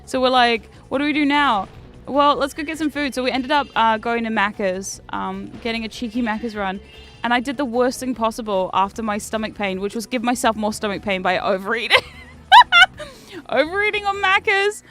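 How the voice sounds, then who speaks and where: A woman's voice: on the high side, fairly quick, fairly bright tone, faint music behind. A woman, chatting casually as a streamer while gaming, swearing freely and laughing often.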